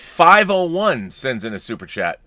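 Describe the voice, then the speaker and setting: A man's voice: mid-range voice, big pitch swings, moderate pace, sharp tone, dry recording, clean studio sound. A man co-hosting a casual podcast, chatting about a film and reading out viewer comments and letters, with frequent restarts. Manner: rambling, restarts, reads letters aloud. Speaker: podcast co-host.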